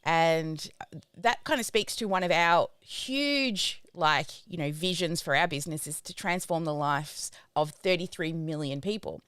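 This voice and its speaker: A woman's voice: low voice, unhurried, fairly bright tone, smooth, no room sound, clean studio sound. A woman hosting a live podcast, chatting casually and affirming her guest. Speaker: podcast host.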